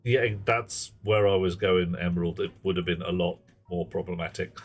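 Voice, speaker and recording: Wry low-voiced man streaming a game. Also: steady tone, moderate pace. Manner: wry, rambling, chatty asides to chat. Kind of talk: live gameplay commentary, chatting with viewers. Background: game music.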